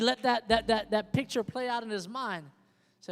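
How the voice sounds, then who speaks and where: A man's voice: sits high, brisk. Emphatic male pastor preaching in a hall. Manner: emphatic, repeats questions to the congregation. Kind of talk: sermon. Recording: long hall reverb with soft guitar behind.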